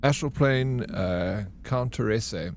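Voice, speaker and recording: A chatty young man streams a game and talks casually with his chat between moves. He calls viewers by name and chats easily at a steady pitch, over a faint background hiss. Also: slow. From South Africa.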